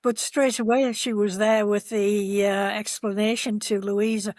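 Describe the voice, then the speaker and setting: A woman co-hosting a fan podcast, recapping scenes in a gentle, thoughtful way. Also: mid-range voice, little pitch movement, a little slow, no echo. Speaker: podcast co-host. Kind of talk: casual chat.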